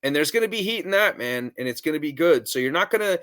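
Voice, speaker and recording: A man's voice: on the high side, lively intonation, fast, a bit bright. A man hosting a wrestling podcast, talking in casual, blunt chat and swearing freely. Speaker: podcast host.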